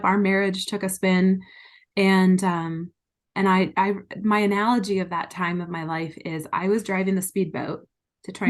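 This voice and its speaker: A middle-aged woman, an interview guest, telling her personal story in an earnest, frank and emotional way. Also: mid-range voice. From United States.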